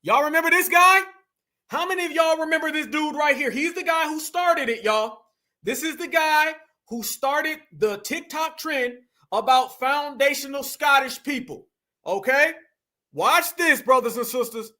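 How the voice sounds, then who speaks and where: A man hosts reaction commentary in a very high, piercingly bright voice. He talks in an animated, slangy way and calls his viewers family. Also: unhurried. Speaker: commentary host.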